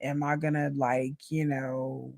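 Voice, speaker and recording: Frank, chatty woman with a gravelly voice. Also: a bass voice, level tone, takes it slowly, a little mellow, no room sound, clean studio sound. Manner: chatty, frank, repeats and restarts; addresses viewers as "y'all". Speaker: YouTube reaction host. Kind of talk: candid personal rant.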